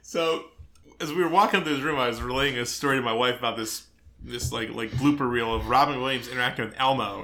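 A man's voice: medium pitch, fairly quick. A man co-hosting a podcast, telling stories in casual, laughing banter. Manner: animated, laughing storyteller. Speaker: podcast co-host. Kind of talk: casual chat.

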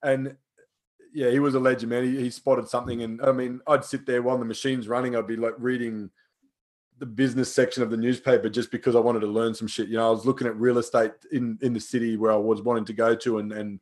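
A man's voice: medium pitch, level tone, quick pace, a little mellow. A young man, a personal trainer, telling stories in casual chat, swearing freely and acting out the lines of people he quotes.

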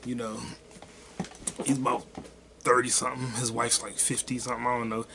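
Man, solo podcast host, casual rambling rant, profane, offhand, medium pitch, faint background hiss. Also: little pitch movement, a little fast.

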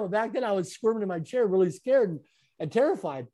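A man, an interview guest and speaker, telling his story in an animated way with frequent chuckles. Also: high voice, brisk. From Canada.

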